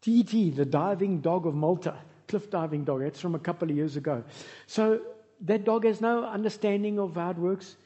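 A man preaching a sermon as pastor, telling lively stories with humorous asides. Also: high-pitched, moderate pace. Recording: reverberant hall, dull lo-fi sound.

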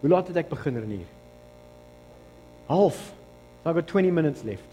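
A man with a South African accent preaching a sermon as pastor, switching between loud exclamations and quiet asides. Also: a little high, moderate pace, pauses often, big-room sound. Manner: animated preaching, shifts between shouting and hushed asides.

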